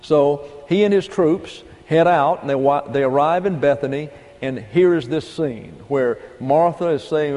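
A man's voice: a little high, measured pace, warm tone, big-room sound. A male pastor preaching a sermon in a folksy, emphatic way, asking rhetorical questions.

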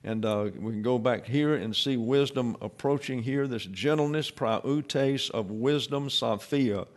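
A man giving an expository Bible lesson in a measured, explanatory way, with pauses and fillers. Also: mid-range voice. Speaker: Bible teacher.

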